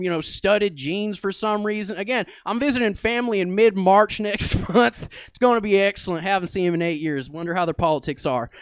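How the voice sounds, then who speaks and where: A man's voice: sits high, a bit bright, clear, resonant tone, no echo. A man doing a character stand-up monologue on a comedy theater stage. He rambles with mock authority and keeps checking in with the crowd.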